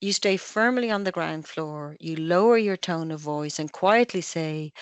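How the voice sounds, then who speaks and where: A middle-aged Irish woman, a family psychotherapist, calmly explaining parenting ideas with analogies in an online webinar. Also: low-pitched, clean tone, no echo. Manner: calm, measured explaining with analogies.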